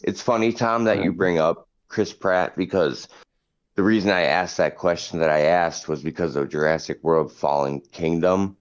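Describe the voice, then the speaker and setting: Brief: very low-voiced man co-hosting a podcast, jokey, slightly muffled sound. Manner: chatty, jokey, quick to laugh. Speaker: podcast co-host. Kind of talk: casual chat.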